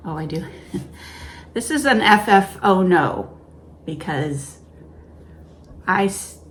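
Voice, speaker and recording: A woman co-hosting a casual stitching chat, expressive and quick to laugh and exclaim. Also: lowish voice, a little hiss or hum. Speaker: co-host.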